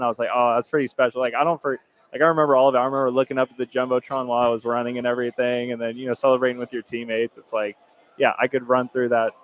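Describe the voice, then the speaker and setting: A young man in his twenties, an ex-college football player, talking at a stadium club event. He speaks quickly and easily, filling his sentences with "like.". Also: mid-range voice, rough recording. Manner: easygoing, lots of "like" fillers. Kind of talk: casual interview.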